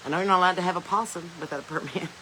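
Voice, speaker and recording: A woman's voice: lowish voice, racing, pushed and bright, slight background noise, rough recording. A woman podcast host with a Southern American accent, chatting casually and joking while reading viewer comments, laughing often. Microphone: phone.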